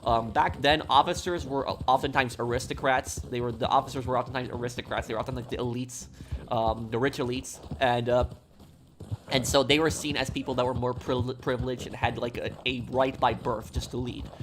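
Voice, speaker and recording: A man's voice: mid-range voice, brisk. A man streaming a game, talking casually in a rambling way, with many ums, uhs and restarts. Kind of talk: casual live-stream talk. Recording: steady background noise.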